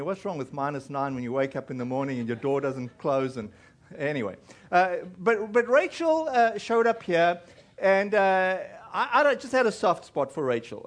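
A male pastor preaching a sermon in a casual, rambling storytelling way, with many fillers and restarts. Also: a little high. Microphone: recorded in a church.

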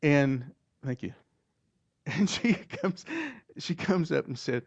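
A man with an Oklahoma accent preaching a storytelling sermon in a folksy, halting way, often repeating words as he goes. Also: fairly high pitch, dry recording. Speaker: pastor. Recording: dull lo-fi, dry.

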